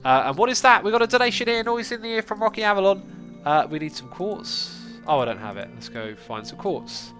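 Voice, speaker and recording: A man's voice: high-pitched, sing-song, a little fast, a bit bright, faint music behind. Congested man chatting while gaming. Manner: chatty, thinks aloud while playing. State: stuffy, congested nose. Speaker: livestream host. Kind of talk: casual gaming livestream chat.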